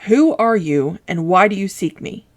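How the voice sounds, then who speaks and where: A woman voicing a great, stern, disembodied wizard head that speaks loudly and commandingly in a storybook reading. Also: medium pitch, lively intonation, normal speed, natural voice. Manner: loud, commanding, emphatic.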